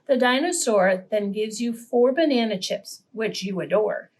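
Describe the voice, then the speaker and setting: A woman reading a picture book aloud to preschool children, animated and pausing to ask her young listeners questions. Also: medium pitch. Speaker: children's story reader.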